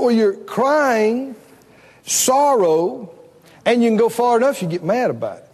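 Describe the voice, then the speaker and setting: A man's voice: very high-pitched, sing-song, a little slow, a little mellow. A man preaching a sermon, telling stories with lots of laughter and acting out his own voice. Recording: long reverb of a large hall.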